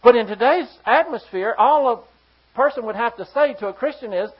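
A preacher delivers a forceful sermon and keeps turning to the congregation with pointed rhetorical questions. The voice sits at a middling pitch. The recording sounds a little dull and lo-fi. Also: brisk. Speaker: pastor.

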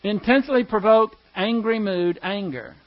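A man's voice: sits high, moderate pace, dull audio. A man teaching a Bible class verse by verse, explaining Greek grammar step by step and asking the class questions.

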